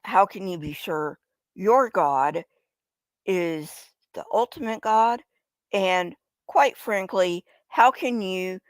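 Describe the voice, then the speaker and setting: Woman, sarcastic streamer, slow deliberate delivery, dry close sound. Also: fairly low pitch, no echo. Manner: sarcastic, blunt and mocking. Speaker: commentary streamer. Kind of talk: casual live-stream commentary.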